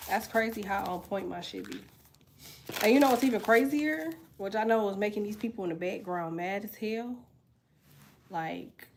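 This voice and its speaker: A woman's voice: medium pitch, slight background noise. Blunt, chatty young woman tarot reader. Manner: blunt, profane, chatty, reads comments aloud. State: sick with a sinus infection. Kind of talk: casual livestream chat.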